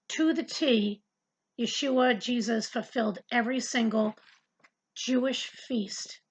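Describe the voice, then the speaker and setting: A woman's voice: a little high, a bit bright, breathy edge, rough recording. A woman giving a casual, earnest Bible study lesson, talking conversationally and often repeating words as she searches for the next thought. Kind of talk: casual Bible teaching to camera.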